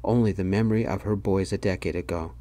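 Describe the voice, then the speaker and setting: A man as a calm, gentle boyfriend. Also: low-pitched, fast talker, lightly acted. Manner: calm and reasoning. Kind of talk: whispered role-play.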